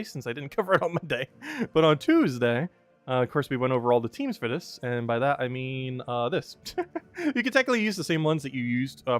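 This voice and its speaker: A young man giving casual live-stream commentary on a game, chatty, with frequent laughs and many fillers. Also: mid-range voice.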